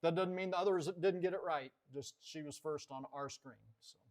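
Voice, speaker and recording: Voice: mid-range voice, moderate pace, a little mellow. Chatty co-host on a trivia stream. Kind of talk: casual livestream chat.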